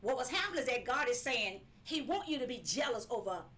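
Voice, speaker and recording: A woman's voice: on the high side, sing-song, fairly quick, a bit bright, slight background noise. A woman preaching a live-streamed sermon, emphatic and repetitive, sometimes breaking into laughing cries.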